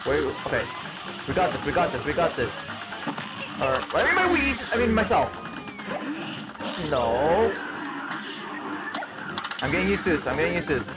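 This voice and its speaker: A man playing a demon hedgehog doing let's-play commentary, panicky and yelping, over loud game music. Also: fairly high pitch, sing-song, moderate pace, pauses often, poor audio. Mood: frantic. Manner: panicky, yelps and repeats himself. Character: psychotic demon hedgehog, male, gaming. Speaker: gamer.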